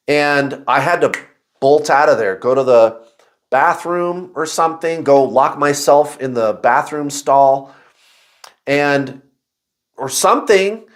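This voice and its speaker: A man hosting a spiritual video, telling viewers a personal story in a casual, confessional way, with animated outbursts and exclamations. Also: fairly high pitch.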